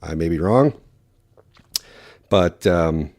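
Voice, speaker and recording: Brief: male podcast host, Wisconsin accent, deep mellow voice, fast and rambling, lots of "um" and "uh". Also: animated, no echo, studio quality. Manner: quick, rambling talk with many fillers. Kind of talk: casual solo podcast.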